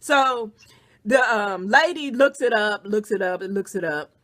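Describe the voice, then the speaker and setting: A woman's voice: mid-range voice, unhurried, fairly bright tone, dry recording, studio quality. A woman telling a story in a casual, profane rant over the phone and acting out what other people said. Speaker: podcast host. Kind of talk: casual venting on a phone call.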